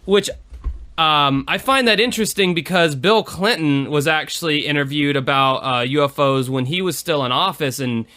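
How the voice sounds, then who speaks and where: A man co-hosting a podcast talks in loose, casual chat, rambling and leaning on fillers. His voice is bright and smooth, with a forward, clean tone. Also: on the high side, moderate pace. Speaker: podcast co-host.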